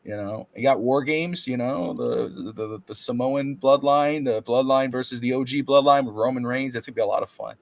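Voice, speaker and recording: A man co-hosting a sports talk stream, telling a long story about coaching kids' basketball in casual chat, jumping high in pitch when acting out quotes. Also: fairly even intonation, a little fast, gravelly, few pauses, rough recording. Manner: rambling storyteller, acts out quotes with big pitch jumps. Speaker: podcast co-host and youth basketball coach.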